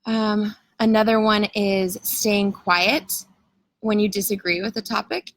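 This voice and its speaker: A woman's voice: medium pitch, fairly even intonation, a little slow, no room sound, rough recording. A woman coaching live viewers in a casual, chatty way, using lots of "like" and reading out comments and greetings. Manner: casual, chatty, filler-heavy with frequent "like". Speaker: coach leading an online challenge. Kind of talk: live-stream coaching talk.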